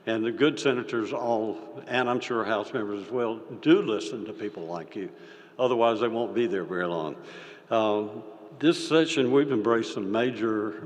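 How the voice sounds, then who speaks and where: An older man giving a folksy, halting speech as a state senator, with many fillers and restarts. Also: lowish voice. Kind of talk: folksy speech with a told story. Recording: reverberant hall.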